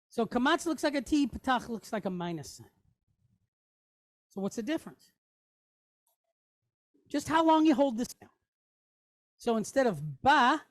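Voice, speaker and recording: A woman's voice: a little high, darkish tone, no echo, studio quality. A woman teaching a class in a chatty way, often checking in with "okay?" and "right?". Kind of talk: classroom lesson.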